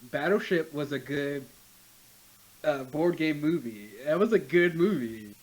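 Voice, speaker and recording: A young man co-hosting a casual podcast chat, animated and playfully teasing. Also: a little high, a little slow, rough recording. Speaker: podcast co-host.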